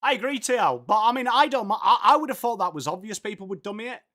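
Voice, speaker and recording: A man's voice: high voice, lively intonation, quick pace, bright, forceful tone. A man with an English accent hosting a live football watchalong, calling the play casually and chatting with viewers. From England. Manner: chatty, reads viewer comments aloud, swears casually. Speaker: live stream host commentating football.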